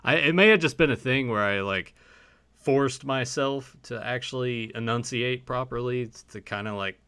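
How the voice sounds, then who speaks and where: A man from the American South with a mild Southern accent, hosting a casual livestream chat in a relaxed, halting way. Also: mid-range voice, smooth, dry recording, studio quality.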